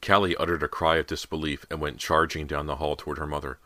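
A man reading a horror audiobook aloud with dramatic, expressive narration, on a close studio mic. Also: extremely low pitch, fast, dry recording. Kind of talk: scripted narration.

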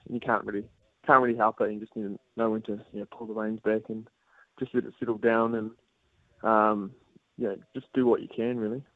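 A young man from New Zealand with a New Zealand accent, calling in to a radio show for casual chat, relaxed and laughing along. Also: lowish voice, fairly quick, dry recording. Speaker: guest on the phone. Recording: tinny phone line.

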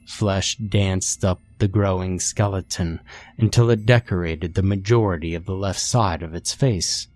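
A man narrates a horror story in a calm, measured reading. His voice is very low and he takes his time with each line. Faint music plays underneath. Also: no echo.

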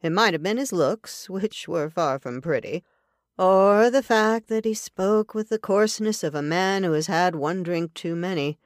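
A woman narrating a western novel as an audiobook in an even, deliberate storytelling manner. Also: fairly low pitch, dry recording, studio quality.

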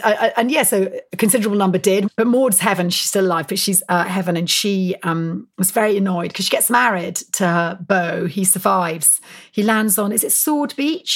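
A woman historian talking as an interview guest, telling stories in an animated, emphatic way full of fillers and quick self-corrections. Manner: animated, emphatic storyteller with frequent rises in pitch and loudness. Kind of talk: conversational interview storytelling.

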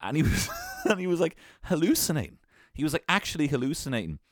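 A man's voice: on the high side, fast talker, no echo, clean studio sound. A young man casually telling a funny childhood story, swearing freely and breaking into laughter. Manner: animated, swearing, laughing often.

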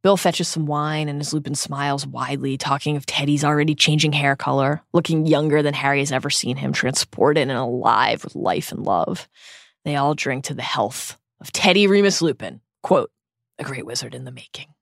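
Woman, podcast co-host, scripted recap, earnest and emotive, low voice, dry sound. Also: moderate pace, creaky, no room sound. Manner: earnest, emotive reading with bursts of laughter.

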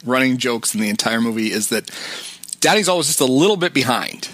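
A man's voice: mid-range voice, animated, brisk, a bit bright, no room sound. A man hosting a podcast, casually retelling film scenes and quoting lines. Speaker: podcast host.

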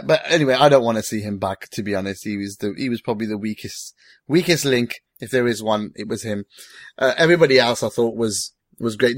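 A man hosting a casual film discussion, animated and quick to swear. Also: medium pitch, no room sound, clean studio sound. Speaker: host.

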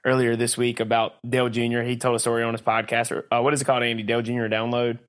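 A man's voice: medium pitch, level tone, very fast, clear, resonant tone. A man co-hosting a podcast, telling rambling stories in casual chat and laughing often. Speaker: podcast co-host.

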